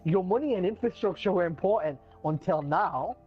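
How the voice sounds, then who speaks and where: A man's voice: high voice, animated, moderate pace, slightly rough, lo-fi sound, soft background music. A young man, loosely quoting the lines of a menacing masked movie villain.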